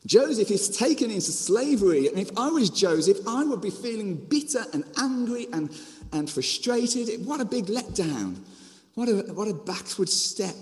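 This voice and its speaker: High-voiced Birmingham preacher in a big reverberant hall. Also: male voice, moderate pace. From Birmingham, England. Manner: lively storyteller with frequent restarts and asides. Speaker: preacher and children's ministry author. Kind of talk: storytelling sermon.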